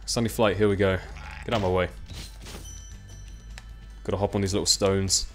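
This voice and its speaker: A man's voice: low-pitched, little pitch movement, moderate pace, a bit bright, faint music behind. A young man gives casual, rambling, self-mocking commentary while playing a video game. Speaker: let's play commentator.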